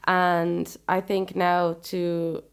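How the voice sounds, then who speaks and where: A woman with an Irish accent, a singer-songwriter guest, talking earnestly and calmly, often ending with "you know?". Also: fairly low pitch, extremely slow, gravelly, clear, resonant tone. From Ireland. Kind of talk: casual interview chat.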